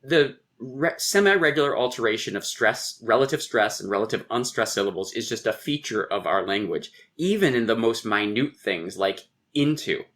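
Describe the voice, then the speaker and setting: A man's voice: medium pitch, animated, moderate pace, hardly any pauses, fairly bright tone. A man, a poet and guest, reflectively explaining verse and tapping out rhythms aloud. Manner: lecturing, taps out rhythms aloud.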